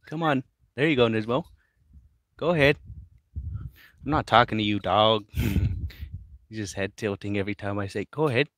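A man hosting a casual livestream, reading viewer questions aloud and chatting in a relaxed, mumbly way to his pets. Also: lowish voice, moderate pace, pauses often, no room sound, studio quality. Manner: laid-back, mumbly, talks to his pets. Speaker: livestream host reading chat. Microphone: phone.

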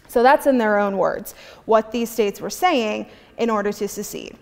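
A woman's voice: mid-range voice, normal speed, vocal fry, a little mellow. A woman museum curator giving a scripted history presentation, reading historical quotes aloud with an occasional aside. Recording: long hall reverb.

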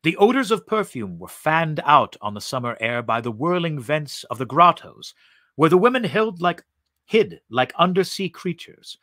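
A man reading a story aloud in a slow, expressive, vivid way. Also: fairly high pitch, no room sound, studio quality.

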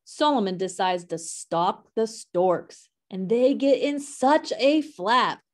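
A woman reading a children's picture book aloud in an expressive, sing-song way. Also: on the high side, slow. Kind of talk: storybook read-aloud.

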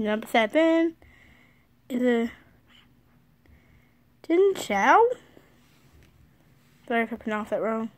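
Young girl, casual vlog, slightly high voice, unhurried speech, excitable, apologetic. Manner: excitable, reads names aloud, frequent apologies. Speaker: vlogger. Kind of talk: casual card-opening vlog. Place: sitting on her bed at home.

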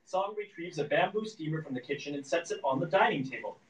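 A man reading the stage directions of a screenplay aloud at a live reading, in a steady, descriptive manner. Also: fairly high pitch, fast. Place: event room at a live reading. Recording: echoey room, distant mic.

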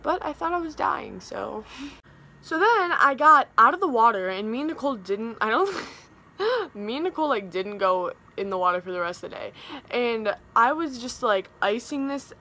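A woman's voice: fairly high pitch, lively intonation, moderate pace, sharp tone. A young woman vlogger telling a story to the camera in a chatty, dramatic way, filling her talk with "like". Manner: dramatic, chatty, heavy use of "like".

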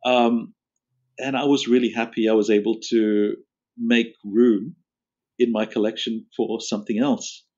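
A man chatting as a podcast guest, relaxed and quick to laugh. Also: mid-range voice. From Australia. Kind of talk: casual interview chat. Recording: dull lo-fi audio.

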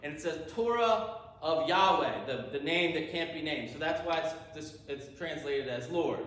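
A man's voice: a little high, lively intonation, normal speed, fairly bright tone. A male pastor preaching a sermon, eagerly explaining Hebrew words and asking rhetorical questions. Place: church sanctuary. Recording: roomy, distant church sound.

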